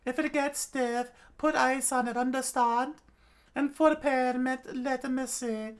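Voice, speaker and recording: A man voicing a shrewd, sharp-tongued old woman doctor in a manga read-aloud, pushing his voice high and strained. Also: fairly even intonation, unhurried, clear, resonant tone. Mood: bossy. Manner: bossy and haggling.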